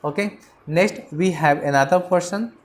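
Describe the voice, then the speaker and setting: A grammar teacher talks through a lecture at a middling pitch. The delivery is halting, full of fillers and restarts. Example sentences are spelled out slowly, one word at a time.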